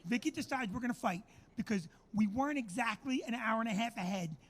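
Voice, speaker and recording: A man's voice: very high-pitched, fairly quick, fairly bright tone. Middle-aged male comedian, brash, profane, exaggerated storytelling. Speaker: comedian host. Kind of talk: storytelling chat.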